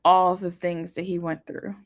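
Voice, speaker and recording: A woman's voice: lowish voice, little pitch movement, a little slow, no echo. Chatty woman podcast co-host, dry sound. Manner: conversational, fillers like "you know" and "like", acts out quoted thoughts. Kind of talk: casual chat reviewing a TV episode.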